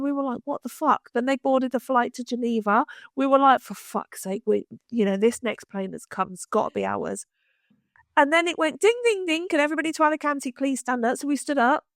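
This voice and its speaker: Gravelly woman telling a story. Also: fairly high pitch, no echo, studio quality. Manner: animated, swears freely, acts out quoted people. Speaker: podcast co-host. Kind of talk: casual storytelling chat.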